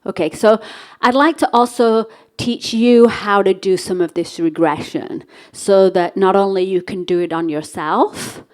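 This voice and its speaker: A woman from England, telling a story to a live workshop audience in a chatty, animated way and acting out the dialogue. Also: mid-range voice, measured pace. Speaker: workshop speaker.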